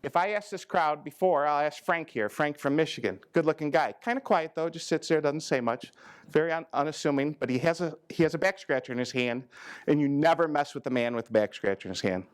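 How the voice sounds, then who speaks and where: A man's voice: a little fast, clean tone. A man giving a joking, folksy talk to farmers at a conference, teasing people in the audience and acting out quoted farmers. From American Midwest. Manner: folksy, teasing, acts out quoted farmers with big pitch jumps. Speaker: ag risk management advisor giving a talk. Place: conference learning center room with a live audience.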